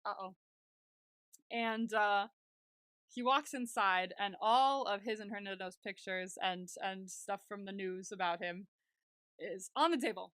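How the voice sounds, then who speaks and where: A woman's voice: mid-range voice, steady tone, measured pace, fairly bright tone, clear, resonant tone, no echo, clean studio sound. A young woman co-hosting a podcast, chatting casually and gushingly while recapping a TV episode, saying "like" a lot. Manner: gushing, chatty, heavy use of "like". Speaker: podcast co-host.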